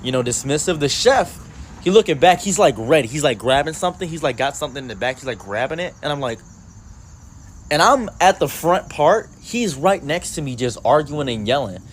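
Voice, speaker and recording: A young man telling a story in a casual, animated, rambling way with lots of fillers. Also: on the high side, a little fast, slight background noise.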